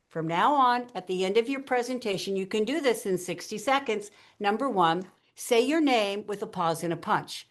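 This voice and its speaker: Animated woman teaching with punchy emphasis. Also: a little high. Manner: animated, punchy, laughs often while explaining. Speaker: guest speaking coach. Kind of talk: lively podcast interview, teaching by example.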